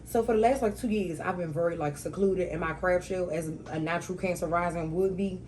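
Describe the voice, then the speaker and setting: A young woman hosts her own talk show alone, rambling through casual stories full of slang. Her voice sits a little low and jumps into loud, excited outbursts when she acts out a punchline. A faint hum of room ambience sits behind her. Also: fairly quick, poor audio.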